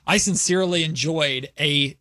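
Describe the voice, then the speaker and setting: A man's voice: fairly high pitch, pushed and bright, no echo, studio quality. A man co-hosting a sports radio show, chatting casually and poking fun at himself. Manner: chatty, self-deprecating, quick to apologize.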